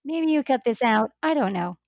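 A woman chats on a podcast in a slightly high voice, animated and giggly. She acts out the lines she quotes. The sound is close and dry. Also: measured pace, no room sound. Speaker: podcast co-host. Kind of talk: casual chat.

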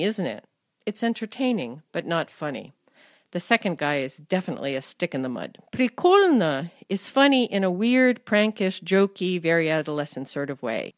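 A woman's voice: on the low side, dry recording. A woman reading a scripted lesson on language, with dry, wry asides between examples. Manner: reads Russian examples then English translations, dry wry asides. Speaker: language columnist reading her column. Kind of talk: scripted narration.

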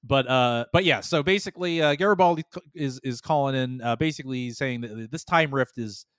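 A man's voice: medium pitch, fairly bright tone, clean tone, dry recording, studio quality. A man hosting a podcast, casually recapping an episode in a rambling way with lots of fillers. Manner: rambling, many fillers, slips into quick character voices. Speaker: podcast host.

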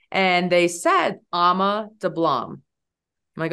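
A woman in her forties talks as a podcast guest. She tells her story casually and with energy. Her pitch jumps high when she quotes her own words. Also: normal speed, clear, resonant tone. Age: 40s. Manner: animated, leaps high when quoting herself.

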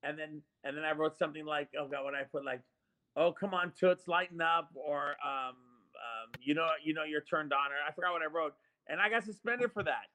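A man in his fifties with a fairly high, bright, forceful voice. He talks in a casual podcast chat and tells his stories with animated energy. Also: brisk, rough recording. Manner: animated storyteller, lively retelling of arguments.

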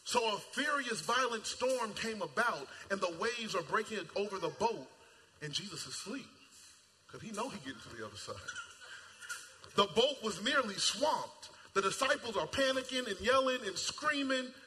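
Male preacher, high and sharp-toned, animated and colloquial, sermon in a reverberant hall. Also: normal speed, a little hiss or hum. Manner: animated, acts out voices, shouts at peaks; casual colloquial speech. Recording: long hall reverb, faint ambience.

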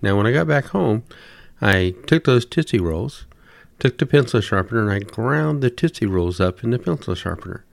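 A man telling humorous stories in a folksy, deadpan way. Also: mid-range voice, moderate pace, vocal fry, dry recording. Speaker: storyteller. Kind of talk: humorous storytelling.

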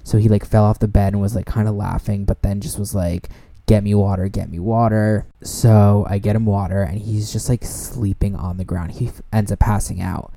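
A young man hosting a podcast, telling a story in a casual, animated way, swearing freely and using lots of fillers. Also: fairly low pitch, normal speed, gravelly, few pauses. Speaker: podcast host.

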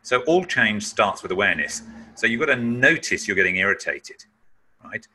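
A man's voice: on the low side, expressive, moderate pace, sharp tone, a little hiss or hum. A man giving a webinar talk on managing emotions, explaining emphatically and sometimes acting out sounds. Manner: emphatic, acts out breath-holding sounds. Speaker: webinar speaker.

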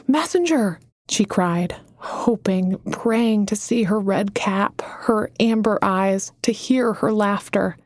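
A woman reads a novel aloud in a gentle, even way at a slow, unhurried pace. Her mid-pitched voice sounds close and dry, like a quiet studio booth. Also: dry recording. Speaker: audiobook narrator. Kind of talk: scripted narration.

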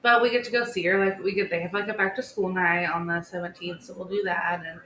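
A woman in her thirties, co-hosting a podcast in casual chat, telling stories in a chatty, animated way with many "like"s. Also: on the low side, fast. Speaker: podcast co-host. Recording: echoey room with faint background hiss.

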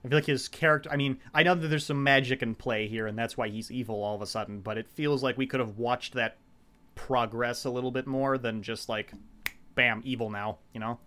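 Rambling, profane man recapping a show. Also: mid-range voice. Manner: rambling, profane, animated retelling with quick quoted voices. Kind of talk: casual chat recapping a show.

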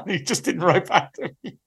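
A man's voice: sits high, lively intonation, measured pace, fairly bright tone, slightly rough. A man co-hosting a comedy podcast, rambling and teasing as he tells stories. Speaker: podcast co-host. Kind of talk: casual comedic chat.

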